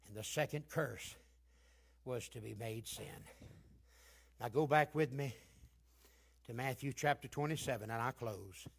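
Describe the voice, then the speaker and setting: A man preaching a sermon, dropping to a hush and then building to shouted, chanting climaxes. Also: measured pace, gravelly, long pauses, husky. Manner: swings from hushed low lines to shouted climaxes.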